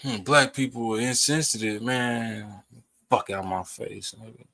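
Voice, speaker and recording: A young man rants through a reaction video, his voice bright and forceful. He talks with passion and swears often. His pitch sits at an ordinary male middle. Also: fairly even intonation, unhurried, vocal fry. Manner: profane, passionate, confrontational. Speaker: streamer reacting to a debate clip. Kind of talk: heated reaction rant.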